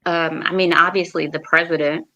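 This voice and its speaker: A woman on a podcast panel, chatting in an easygoing way and thinking out loud. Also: low-pitched, flat delivery, normal speed, vocal fry, low-quality recording. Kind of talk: casual chat.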